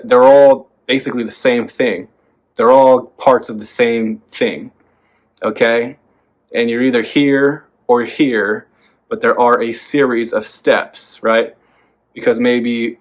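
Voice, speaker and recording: Blunt, profane motivational man. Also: mid-range voice. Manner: blunt and profane, lively, swings into loud bursts. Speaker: self-help podcast host. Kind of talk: motivational monologue.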